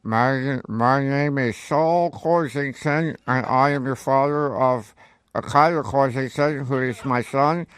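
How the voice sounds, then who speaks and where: A man voicing a halting, formal, bumbling middle-aged father on a prank call. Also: mid-range voice, clean tone, no echo, lightly acted.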